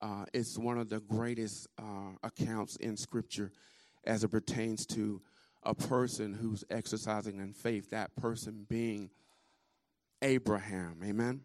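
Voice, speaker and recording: A man preaching a sermon, reading scripture slowly and projecting strongly, stopping to ask the congregation "Amen?". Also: lowish voice, fairly even intonation, no room sound, clean studio sound. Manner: slow, deliberate reading that builds to loud projected emphasis. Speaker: pastor.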